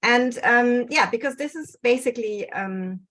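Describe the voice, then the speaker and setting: A woman's voice: fairly high pitch, normal speed, a bit bright, low-quality recording. A woman giving an online research talk over a video call, with many fillers and restarts. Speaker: guest researcher. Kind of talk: online presentation. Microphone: computer mic on video call.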